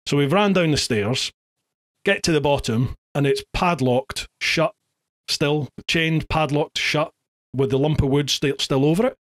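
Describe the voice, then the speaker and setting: A middle-aged man, a podcast host telling a story in casual chat, lively and acting out the shouts he quotes. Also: a little high, unhurried. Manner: animated, acts out shouted quotes, many restarts.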